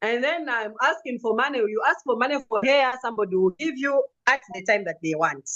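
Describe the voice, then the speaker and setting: A woman, her voice sitting a bit high, tells a personal testimonial in a vivid, animated storytelling way. The recording is slightly dull and lo-fi. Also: brisk. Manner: vivid storytelling with acted quotes and laughs. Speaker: customer giving a testimonial.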